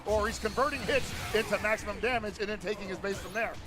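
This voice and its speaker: Male color commentator from Northern California; very high pitch, slangy hype analysis. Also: fast, music in the background. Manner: hype, slangy, exclaims loudly at big plays. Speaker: esports commentator. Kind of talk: fighting-game color commentary.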